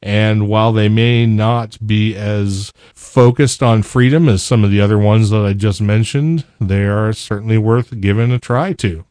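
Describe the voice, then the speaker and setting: Podcast co-host, man, low voice, casual and easygoing, dry studio sound. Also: a little slow, hardly any pauses, dry recording. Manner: relaxed, spells out names letter by letter. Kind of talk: casual tech podcast talk.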